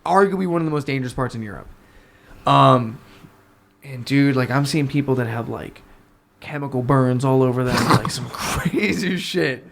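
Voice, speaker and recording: A man's voice: mid-range voice, moderate pace, creaky, slight background noise. A young man from the New York area, a podcast guest telling a story in casual talk, swearing and acting out the people in it. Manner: animated, swearing, acts out voices in his stories.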